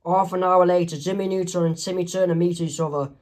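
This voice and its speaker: Man, comic artist reading his own comic aloud, halting, fillers. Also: a little high, little pitch movement, darkish tone. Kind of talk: casual storybook reading.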